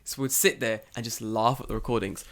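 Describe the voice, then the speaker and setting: A man's voice: medium pitch, steady tone, fairly quick, a bit bright. A man chatting on a podcast with a mid-range voice. He laughs often and swears easily as he acts out people in his stories, with a loose, casual delivery. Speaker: podcast co-host; English teacher in Japan. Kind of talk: casual chat.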